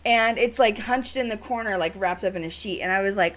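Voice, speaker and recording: A woman hosting a podcast, telling a story in casual chat, animated and full of "like" and "you know". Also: a little high, moderate pace. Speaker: podcast host.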